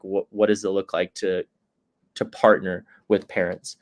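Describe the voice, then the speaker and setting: A man speaking as a guest on a talk show, earnest and thoughtful. He uses many "like" and "um" fillers. His voice sits a little low. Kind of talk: casual interview answers.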